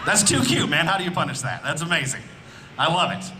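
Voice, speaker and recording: A man from Indiana performing a loud, animated stand-up comedy set on an outdoor festival stage, speaking into a handheld mic. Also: fairly high pitch, fast talker, background noise. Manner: loud, animated, punching up lines with shouts.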